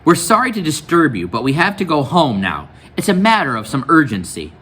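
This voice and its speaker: A man's voice: very animated, fairly quick, a bit bright, slightly rough, full character voice. A man reading aloud as a nervous, overly polite young boy who talks formally. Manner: formal, chattery and high.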